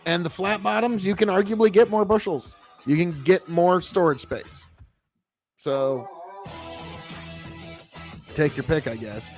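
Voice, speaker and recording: High-voiced man chatting casually. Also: a little slow, pauses often, faint music behind. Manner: rambling, profane, easily excited. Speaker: livestream host and seed farmer. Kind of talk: casual livestream chat.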